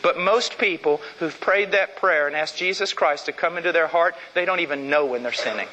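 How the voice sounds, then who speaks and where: Middle-aged male preacher, emphatic and dramatic, bright cutting tone, church reverb. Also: a little high, a little fast, a little hiss or hum. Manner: emphatic, dramatic swings between loud and hushed. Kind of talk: sermon. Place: church sanctuary.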